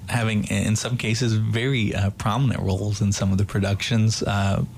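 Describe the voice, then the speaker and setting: A man in his thirties hosting a casual interview, asking questions in a relaxed way. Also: on the low side, moderate pace, gravelly, a little hiss or hum. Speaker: interview host.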